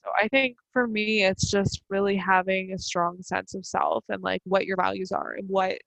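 A woman's voice: medium pitch, little pitch movement, normal speed, vocal fry, no room sound. A woman in her thirties in casual chat, a mother talking loosely with lots of "like" fillers. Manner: chatty, many fillers of "like".

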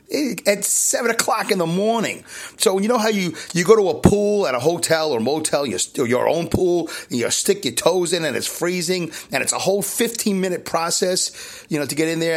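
A man with a Brooklyn accent hosting his podcast from a hotel room, rambling and self-deprecating, with lots of restarts and asides. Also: fairly high pitch. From New York. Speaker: podcast host. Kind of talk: casual solo podcast monologue.

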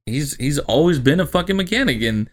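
Man, podcast co-host, rambling, laughs often, swears, wide-ranging pitch. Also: animated, fairly quick. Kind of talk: casual podcast chat.

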